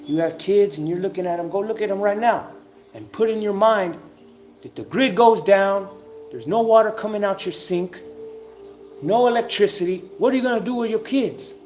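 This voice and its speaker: A man giving an informal spiritual talk, telling a story emphatically, with drawn-out pauses and the odd curse word. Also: high voice, a little mellow. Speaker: self-styled spiritual teacher. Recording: noisy ambient background.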